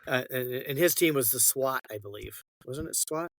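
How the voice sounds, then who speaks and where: A man's voice: medium pitch, normal speed, a bit bright, no room sound. A man co-hosting a casual sports podcast, telling long rambling stories and acting out the lines of the people in them. His voice sits in a middle register. It is recorded close and dry, with no room sound. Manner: rambling storyteller, acts out quoted dialogue. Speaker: podcast co-host. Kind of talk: casual chat.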